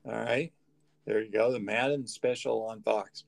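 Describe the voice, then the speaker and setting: A man's voice: on the low side, fairly even intonation, moderate pace, gravelly, dry recording. A man co-hosting a casual chat, teasing dryly and often repeating and restarting words. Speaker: co-host. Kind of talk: casual banter.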